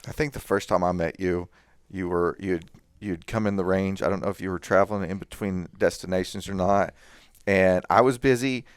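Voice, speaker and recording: A man hosting a podcast, telling relaxed anecdotes in casual chat. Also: sits low, normal speed, clean tone, no room sound, studio quality. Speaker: podcast host.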